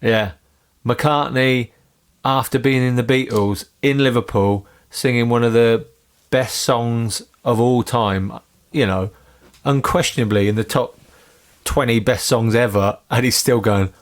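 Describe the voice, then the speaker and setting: A man's voice: mid-range voice, fairly even intonation, a little slow. A man hosting a casual podcast, joking along and riffing on his guest's stories. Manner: jokey, riffs with playful mock heckles. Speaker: podcast host.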